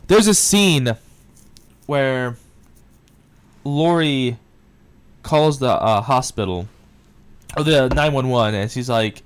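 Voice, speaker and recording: A man talks through a film scene by scene in a loose, casual review. His voice is smooth and clean, his pitch sits in the middle, and he gets worked up and swears freely as he retells it. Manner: excitable retelling, swears often. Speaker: movie reviewer.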